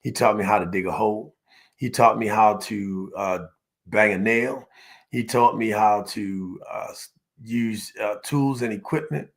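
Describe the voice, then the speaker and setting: Gravelly-voiced man giving a motivational talk. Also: lowish voice, steady tone, a little slow. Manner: emphatic, call-and-response with audience; storytelling, repetitive listing cadence. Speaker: motivational business speaker. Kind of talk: motivational speech.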